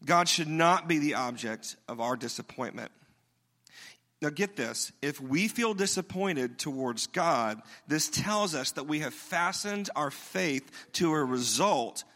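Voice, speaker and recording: A high, bright-voiced middle-aged man preaches in a casual, energetic way, joking along as he teaches. His voice carries a long reverb, as if spoken into a large church sanctuary. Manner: conversational, energetic preaching with humorous asides. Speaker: pastor. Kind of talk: sermon.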